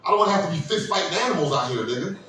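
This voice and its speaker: A man doing a stand-up comedy set, loud and crude, acting out characters in high squealing voices. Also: animated, racing, a little hiss or hum. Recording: echoey room, mic heard from a distance.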